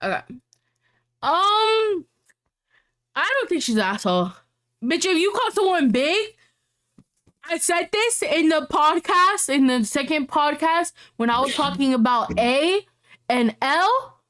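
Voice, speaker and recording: Woman podcast co-host, slightly high-pitched, reads posts and reacts with loud, profane energy. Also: slow, long pauses. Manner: brash, profane, animated reactions. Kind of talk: reading and reacting to online posts.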